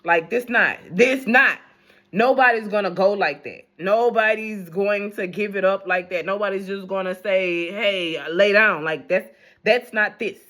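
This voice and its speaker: A woman's voice: medium pitch, measured pace, fairly bright tone. A young adult woman, giving her blunt, rambling, profane opinions in a casual unscripted news rant. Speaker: news commentator vlogger.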